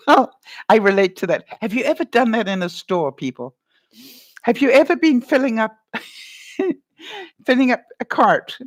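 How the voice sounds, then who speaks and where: A middle-aged woman vlogger chats casually with her live chat at a medium pitch, reading comments aloud. She laughs often and acts out little voices.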